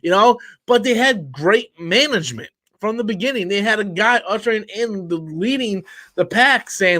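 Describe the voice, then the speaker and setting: Tired male stream host, higher-pitched voice, blunt and profane, rambling casual rant. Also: lively intonation, normal speed, sharp tone, no echo.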